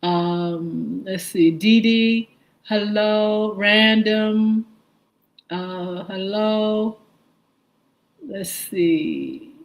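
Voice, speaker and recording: A woman hosts a live morning stream and reads out her viewers' names at an unhurried pace, spelling the hard ones letter by letter. Her voice sits in a middle range and her greetings are warm and easy. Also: medium pitch, low-quality recording. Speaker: morning show host.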